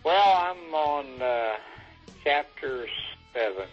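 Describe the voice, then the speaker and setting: A man talking by phone as a guest on a casual show, joking dryly and drawling with pauses. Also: on the high side, lively intonation, soft background music. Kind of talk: casual chat. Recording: dull phone line.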